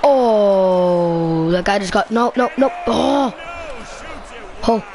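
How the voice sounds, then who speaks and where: A man giving excited commentary while playing a video game, trash-talking the players on screen. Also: sits high, takes it slowly, pauses often, background noise.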